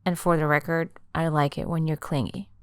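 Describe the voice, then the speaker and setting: A woman reading a calm, gentle young man. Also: low voice, brisk, smooth, no room sound, clean studio sound, lightly acted. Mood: teasing. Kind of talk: audiobook dialogue reading.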